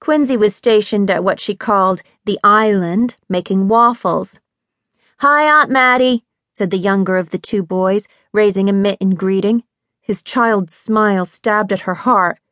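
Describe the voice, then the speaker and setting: A woman narrating a suspense novel with a measured, even delivery. Her voice sits at a middle pitch. It is recorded close in a dry studio with no room sound. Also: no room sound. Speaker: audiobook narrator. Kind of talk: scripted narration.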